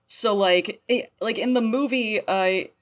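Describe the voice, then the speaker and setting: A woman's voice: mid-range voice, measured pace. A woman co-hosting a podcast, joking and laughing in a casual chat. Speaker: podcast co-host.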